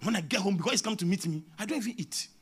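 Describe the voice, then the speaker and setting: A man with a Ghanaian English accent preaching a sermon as a prophet, moving between hushed asides and shouted exhortation. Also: high-pitched, lively intonation, very fast, husky.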